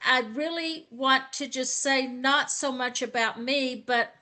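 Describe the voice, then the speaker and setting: A woman's voice: high voice, a little slow, bright, forceful tone. A woman with a Southern American accent, speaking as a guest on a video call panel, gracious and effusive, with a drawl. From Southern United States. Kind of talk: slow, folksy online panel talk.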